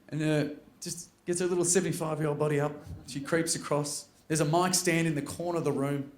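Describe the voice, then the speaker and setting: Australian stand-up comic, animated delivery. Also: male voice, a little high, fast talker. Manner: animated, jumps into loud character voices. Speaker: stand-up comedian. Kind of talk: stand-up storytelling. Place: comedy stage. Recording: roomy venue with faint noise.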